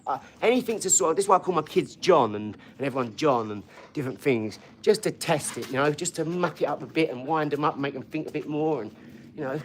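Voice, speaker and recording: A man's voice: a little high, lively intonation, quick pace, a little hiss or hum. A man hosting a casual livestream, rambling between topics, swearing freely and answering viewers' comments. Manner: talks to viewers' comments directly. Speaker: livestream host.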